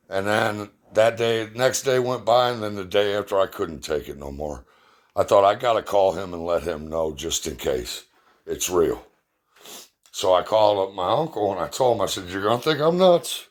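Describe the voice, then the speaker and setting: A middle-aged man telling a personal story in a blunt, emotional way, swearing freely. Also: sits low.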